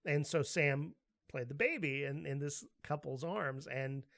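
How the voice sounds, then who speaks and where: Guy cohosting a podcast, kinda high voice, laughs a lot, gets loud acting out stories. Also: measured pace, creaky. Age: adult, with a daughter. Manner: animated storyteller, laughs often, acts out quotes loudly. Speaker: podcast co-host. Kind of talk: casual chat.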